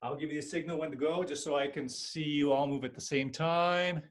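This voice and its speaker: A man's voice: on the high side, fairly even intonation, brisk. A male aikido instructor teaching an online class, calling out short technique cues while he demonstrates. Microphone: laptop or camera mic at a distance. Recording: echoey room, distant mic.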